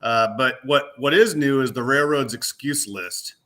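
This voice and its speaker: A man who represents a lumber mill vents bluntly and angrily. His voice is bright and forceful, with a sharp edge on his words. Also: mid-range voice, measured pace. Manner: blunt and openly angry. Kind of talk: casual panel discussion.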